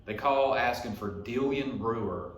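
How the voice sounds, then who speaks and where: A young man from Alabama, medium-pitched and a little slow, hosts a podcast from his home garage, where the recording echoes. In a casual monologue he rambles through a profane story.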